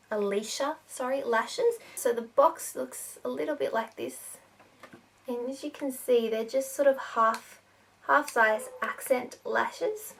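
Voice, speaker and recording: A woman's voice: a little high, a bit bright, distant mic, a little hiss or hum. A woman giving a casual makeup tutorial, talking in a chatty way with lots of fillers.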